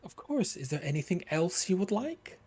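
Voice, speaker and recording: A man's voice: high-pitched, sing-song, normal speed, a little mellow, breathy edge, pitched above the performer's own voice, exaggerated voice. A man voicing a sinister female doctor who teases her patient in a mock-sweet, menacing way.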